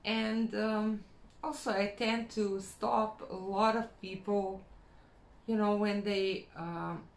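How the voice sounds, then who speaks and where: Woman vlogger, frank self-help talk, slow and measured, roomy echo. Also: medium pitch, steady tone, vocal fry. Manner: unhurried, frank, repeats phrases for emphasis. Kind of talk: casual motivational talk to camera. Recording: echoey room with faint background hum.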